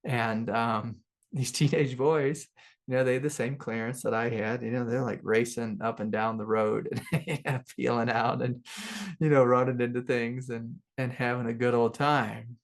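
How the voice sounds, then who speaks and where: A middle-aged man with a gravelly edge to his mid-range voice talks as a spiritual teacher. He wanders through a personal story in loose, casual speech, full of fillers and soft laughs. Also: mid-range voice, steady tone, moderate pace. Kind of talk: relaxed satsang talk with personal stories.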